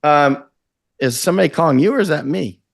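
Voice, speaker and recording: A man's voice: a little high, brisk, gravelly. A middle-aged man from Florida, a guest in an interview, talking in an intense, rambling way and acting out quotes. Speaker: guest, war correspondent. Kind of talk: conversational interview.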